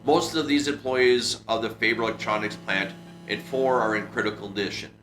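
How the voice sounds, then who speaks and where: A man reading the lines of a male radio news announcer in a measured bulletin delivery. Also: fairly low pitch, noisy background, close to an everyday voice. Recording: roomy echo with music behind.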